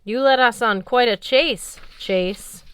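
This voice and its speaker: A woman doing a smirking sharp-tongued warrior. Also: on the high side, slow, smooth, no echo, pitched above the performer's own voice. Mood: sardonic. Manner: sardonic, teasing.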